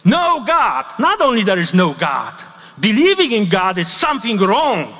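A middle-aged man from Poland with a Polish accent, preaching a sermon with personal testimony in emphatic, non-native English and slowly repeating the lines he quotes. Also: high voice, very animated, pushed and bright. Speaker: priest. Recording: long reverb of a large hall.

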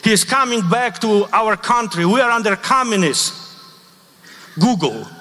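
A middle-aged Polish priest preaches a sermon that includes personal testimony, speaking emphatic non-native English with a Polish accent and slowly repeating the lines he quotes. His voice is high-pitched, animated, bright, and forceful, with the long reverb of a large hall.

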